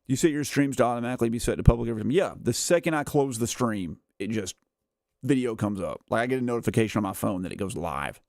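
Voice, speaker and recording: Fast-talking and expressive, this thirtysomething man streams a game and chats loosely, full of "uh" and "like" and frequent chuckles. His medium-pitched voice has vocal fry and a slightly mellow quality, captured clean in a studio with no echo.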